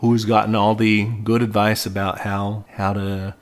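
A man's voice: on the low side, level tone, a little slow. A man co-hosting a podcast in casual chat, rambling, laughing often and trailing off mid-sentence. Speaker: podcast co-host.

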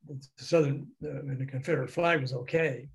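A man's voice: medium pitch, a little fast, a crowd in the background. An older man from the American South, telling anecdotes in an interview and acting out the people in them. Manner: animated, acts out the voices in his stories, laughs often. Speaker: guest recounting a music industry career.

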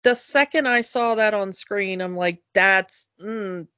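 A woman chatting casually and enthusiastically on a podcast, often halting with fillers and restarts. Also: medium pitch, fairly bright tone, clear, resonant tone, no room sound. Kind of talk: casual chat. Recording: dull, lo-fi dry recording.

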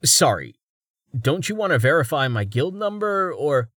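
A man voicing a cautious, uneasy young adventurer who speaks softly. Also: on the high side, very animated, moderate pace, no echo, studio quality, voice pushed up. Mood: tense quiet. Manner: quiet, soft-spoken.

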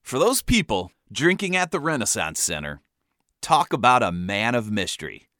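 A man hosting a comedic storytelling monologue with a wry, animated delivery. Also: mid-range voice, moderate pace, no room sound, studio quality. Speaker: podcast host.

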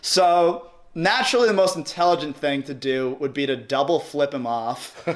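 A man's voice: a little high, expressive, measured pace. A young man with a New York accent telling a rowdy story in casual chat, rambling, cursing and laughing often. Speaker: podcast guest.

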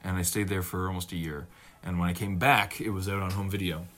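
A man's voice: low-pitched, steady tone, a little fast, fairly bright tone. A man in his late thirties, co-hosting a casual film chat and acting out movie lines in mocking voices.

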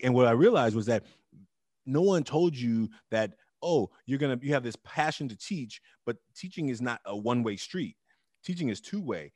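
A middle-aged man telling his story as an interview guest, emphatic and animated with loud bursts. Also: medium pitch, dry recording, studio quality. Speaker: interview guest, teacher and club founder.

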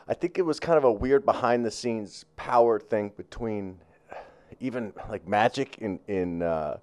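A man with a fairly low voice co-hosts a casual sports talk show. He rambles and swears freely, piling up fillers and restarts as he goes. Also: a little slow, a little mellow, smooth.

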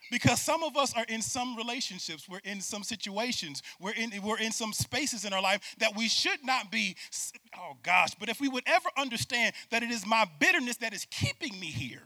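Bright, emphatic man preaching a sermon. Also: very high voice, animated, moderate pace, hardly any pauses, dry recording. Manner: swings between hushed asides and loud emphatic peaks; calls on the congregation to repeat words.

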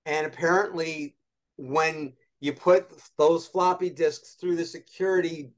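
A man being interviewed as a guest, telling lively anecdotes and acting out quoted voices as he goes. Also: on the high side, a little slow. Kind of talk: animated storytelling in conversation.

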